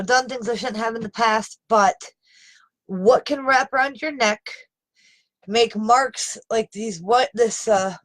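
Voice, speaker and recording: A woman's voice: on the high side, a bit bright, poor audio. Frustrated woman pleading on a live video. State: upset and exasperated. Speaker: live streamer. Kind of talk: unscripted live video talk.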